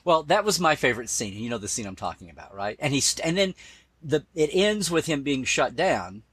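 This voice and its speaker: A man's voice: mid-range voice, very animated, fairly quick, a bit bright, breathy edge, no room sound. A man being interviewed, talking casually and with enthusiasm, often quoting favorite lines and restarting his sentences. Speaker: guest, Star Trek expert.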